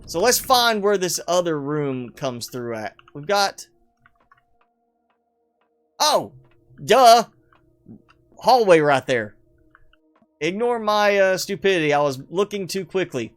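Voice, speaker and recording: Showcasing player builds in casual live game commentary, a male streamer with a high, very animated voice and a clean, resonant tone talks slowly, pausing often. He rambles chattily, chuckles frequently, and is self-deprecating.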